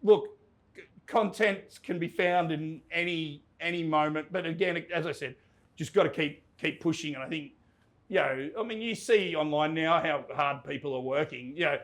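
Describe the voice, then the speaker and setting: A man's voice: fairly high pitch, moderate pace. An Australian man, an entertainment reporter, telling anecdotes in casual chat, laughing and restarting his sentences as he goes. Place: pub.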